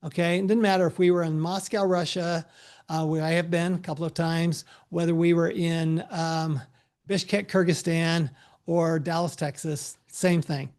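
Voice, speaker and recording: A middle-aged man, a tax advisor, giving a relaxed, anecdote-filled presentation over a video call with frequent restarts. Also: on the high side, normal speed. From United States.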